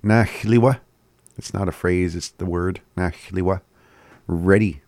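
A man giving a casual language lesson, slowly repeating words and chuckling often. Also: low-pitched, little pitch movement, a little mellow, no echo. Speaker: language teacher.

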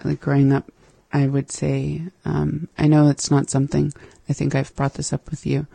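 A co-host of a casual language-lesson chat, talking slowly in a flat, gravelly way and laughing easily. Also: medium pitch, no room sound.

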